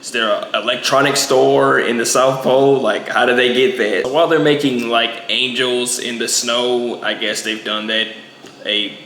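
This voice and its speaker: A man's voice: medium pitch, steady tone, moderate pace, sharp tone, reverberant, a little hiss or hum. A young man giving a casual, rambling movie review, packing in lots of filler words.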